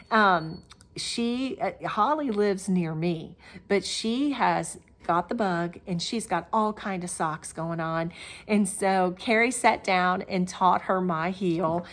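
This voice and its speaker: A middle-aged woman hosting a crafting video, talking casually and rambling with lots of fillers and restarts. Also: fairly low pitch. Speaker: Flosstube host. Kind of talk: casual show-and-tell vlog.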